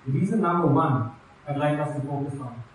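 A man's voice: fairly high pitch, brisk, slight background noise. A man preaching a sermon, reading scripture aloud and explaining it in an earnest voice that rises on repeated invitations. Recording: very echoey room, voice far from mic.

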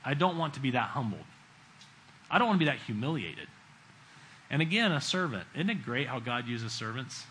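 A middle-aged man preaching a sermon in a conversational way, acting out quotes and swinging between loud bursts and hushed lines. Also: medium pitch, sing-song, normal speed, pauses often, a little hiss or hum, low-quality recording.

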